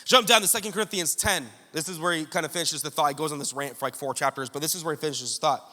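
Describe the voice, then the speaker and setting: A man's voice: fairly high pitch, racing, pushed and bright. A male pastor preaching a sermon to his congregation, telling funny stories and teasing the room. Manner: joking, storytelling preacher addressing congregation. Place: church service hall with congregation. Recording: long hall reverb.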